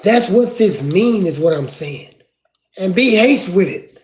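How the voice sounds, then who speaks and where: A man preaching from scripture in an impassioned way, rising at times to crying shouts. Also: high-pitched, lively intonation, a little slow.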